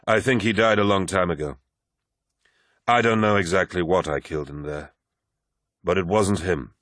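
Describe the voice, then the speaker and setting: A weary, wounded male warlord, voiced by a male narrator speaks with grave authority in a deep, low register. His tone stays heavy and commanding. The recording is dry and close, like a studio audiobook. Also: moderate pace, fairly bright tone, no echo.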